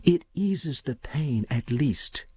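A man's voice: mid-range voice, very animated, slow pace, husky, no room sound, dull audio, voice pushed up, full character voice. A man voicing a frail, frightened woman who speaks in a dreamy, sob-tinged whisper. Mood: hushed, desperate.

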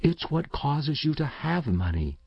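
A man voicing a weary mother who speaks slowly and bitterly, his voice lifted a little. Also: fairly high pitch, sing-song, vocal fry, slightly rough, dry recording, dull audio, voice pushed up, full character voice. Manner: slow and bitter.

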